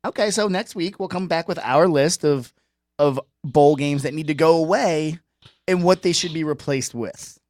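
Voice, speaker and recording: A man co-hosting a sports talk show, chatty and quick to laugh. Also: on the high side, a little mellow, dry recording, studio quality. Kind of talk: casual sports banter.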